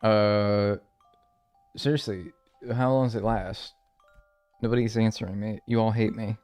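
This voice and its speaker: A man's voice: fairly low pitch, steady tone, a little slow, darkish tone, clean tone. Man, live-stream chatter, rambling, jokey, self-mocking, faint music behind. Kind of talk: casual live-stream chat.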